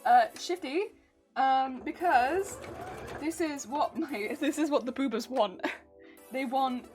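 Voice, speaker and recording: A woman's voice: high-pitched, slow, a little mellow, faint music behind. A woman with an English accent, chatting casually and playfully with her stream audience while she crafts, rambling and giggling as she goes. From England. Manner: rambling, playful, giggly, reads chat aloud. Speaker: crafting livestreamer.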